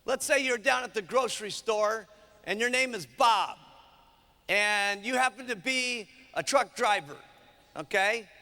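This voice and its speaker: A man giving an energetic motivational seminar talk, storytelling and often checking in with "okay?". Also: high-pitched, a little slow. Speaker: motivational speaker. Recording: live hall recording with long reverb.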